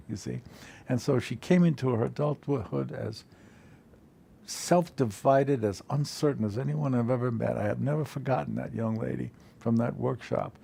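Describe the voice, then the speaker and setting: Older man with a gravelly, husky voice. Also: medium pitch, warm tone. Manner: measured, repeats phrases, builds lists for emphasis. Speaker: therapist giving a talk. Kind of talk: reflective lecture.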